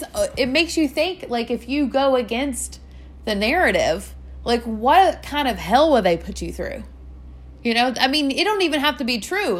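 A young woman with a somewhat high voice rants on her own podcast. She talks casually and heatedly, full of "like" and "you know," and drops curse words freely. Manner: profane, animated ranting with many fillers. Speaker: podcast host. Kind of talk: ranting solo podcast.

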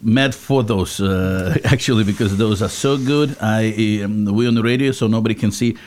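A man hosting a radio talk show, chatting casually in a relaxed, easygoing way. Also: lowish voice, normal speed. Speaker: radio host. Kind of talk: casual chat. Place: radio studio.

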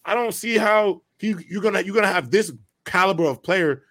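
A man's voice: high voice, a little fast, fairly bright tone. A man co-hosting a casual sports podcast, making his points emphatically and repeating them. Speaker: podcast co-host.

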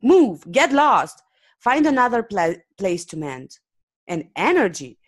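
A woman reading aloud and voicing an angry, distrustful man who owns the place and shouts dismissively. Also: mid-range voice, big pitch swings, normal speed, pitched above the performer's own voice. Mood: furious.

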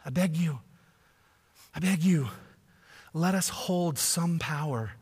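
A man's voice: on the high side, slow pace, darkish tone, breathy edge, full character voice. Begging male demon, desperate and drawn out, voiced by a preacher; long reverb.

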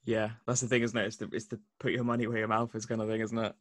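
A man's voice: fairly low pitch, flat delivery, racing, no room sound. Man from England, chatty interviewer, laughs easily, dry close sound. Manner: friendly, laughs easily, repeats tags like "isn't it". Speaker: interviewer, host. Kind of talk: casual interview chat.

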